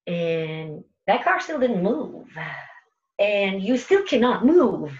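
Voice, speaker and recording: A woman's voice: fairly high pitch, dull audio. A woman who runs an internet radio station, telling a vivid, dramatic story to an audience with repeated phrases. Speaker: internet radio station host giving a talk.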